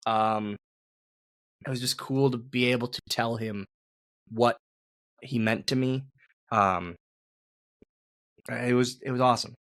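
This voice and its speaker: A man's voice: medium pitch, steady tone, slow, pauses often, no echo, clean studio sound. A man, a former wrestler hosting a podcast, telling a story in rambling casual chat, repeating words and swearing casually.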